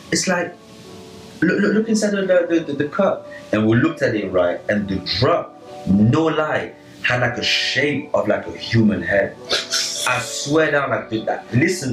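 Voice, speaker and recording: Brief: young man, lowish voice, chatty anecdote, roomy distant mic with faint music. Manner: animated, filler-heavy, full of "like" and "right?". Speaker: podcast co-host telling a story. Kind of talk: casual storytelling chat. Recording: echoey room, slightly distant, faint music.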